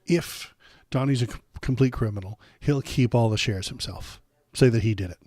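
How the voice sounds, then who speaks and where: A man's voice: mid-range voice, normal speed, darkish tone, dry recording, clean studio sound. A man hosting a political livestream, ranting bluntly and sarcastically with profanity, his throat sore from a cold. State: coming down with a cold, throat bothering him.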